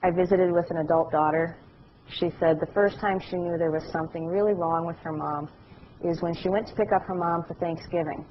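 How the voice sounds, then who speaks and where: A middle-aged woman giving a class lecture, telling anecdotes in a lively way and acting out the voices of people she describes. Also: fairly low pitch, a little fast, highs cut off, a little hiss or hum. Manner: animated storytelling, acts out voices.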